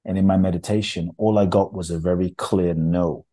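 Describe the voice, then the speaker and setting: A middle-aged man recounts his past in conversation with a low, mellow voice. He speaks intensely and earnestly, leaning hard on key phrases as the story builds. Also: steady tone, fairly quick. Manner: intense, earnest, emphatic retelling. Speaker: interview guest.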